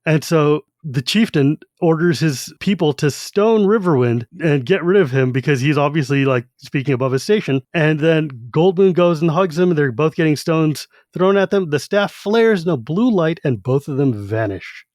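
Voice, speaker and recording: A podcast co-host, animatedly retelling a novel and acting out its voices. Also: male voice, on the high side, animated, moderate pace, hardly any pauses, darkish tone, dry recording, studio quality. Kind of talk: casual chat.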